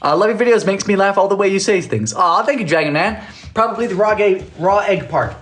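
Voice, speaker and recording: A man's voice: high voice, fairly quick, a bit bright. A man hosting a live baking stream from his small home kitchen, chatting casually, joking and thanking viewers by name. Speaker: baking livestream host.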